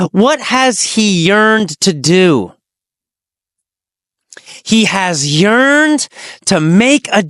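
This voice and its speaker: An English teacher telling a teaching story, asking simple questions and answering them, with slow, exaggerated storytelling and dramatic pitch swings. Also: fairly bright tone, dry recording, clean studio sound.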